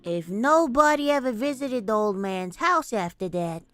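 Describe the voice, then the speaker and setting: A woman streaming and translating a game live, animated, laughing and mocking herself between lines. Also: on the high side, normal speed. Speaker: streamer and voice actress.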